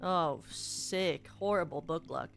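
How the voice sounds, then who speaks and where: A woman's voice: deep voice, slow, creaky, soft background music. A young woman streaming a horror game, chatting to herself in a self-mocking, rambling way. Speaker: gaming streamer. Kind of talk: casual let's-play chat.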